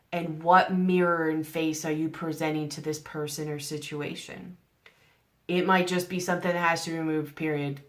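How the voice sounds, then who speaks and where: A woman giving a general tarot reading to camera, earnest and coaxing, asking the listener one rhetorical question after another. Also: sits low. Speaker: tarot reader.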